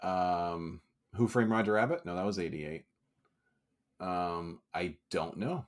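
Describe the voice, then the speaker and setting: A man's voice: deep voice, slow pace. A man guest co-hosting a casual chat, easygoing with dry, jokey asides. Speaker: guest co-host.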